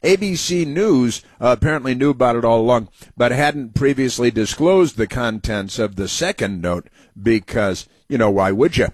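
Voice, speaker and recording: A man's voice: mid-range voice, moderate pace, slightly rough, dry recording. Sarcastic man hosting a commentary show. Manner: sarcastic, mocking. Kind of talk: political commentary monologue.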